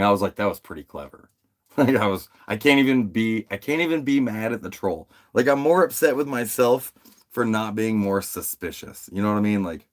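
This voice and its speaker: A man from the United States with a very deep voice chats casually on his livestream. He keeps it loose and profane, often giggling as he answers viewers. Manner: laid-back, profane, giggly, reads chat aloud. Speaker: livestream host.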